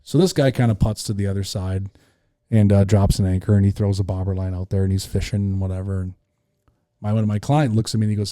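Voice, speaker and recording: Dark-voiced man telling a fishing story. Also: fairly low pitch, fast talker, no echo, clean studio sound. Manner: animated storyteller acting out voices. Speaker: fishing guide. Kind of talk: casual podcast storytelling.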